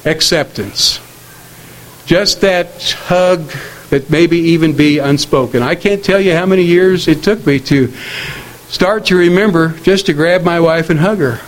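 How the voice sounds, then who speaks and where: A middle-aged man preaching a sermon on marriage in a measured, earnest way, slowing down to quote scripture. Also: fairly high pitch, poor audio.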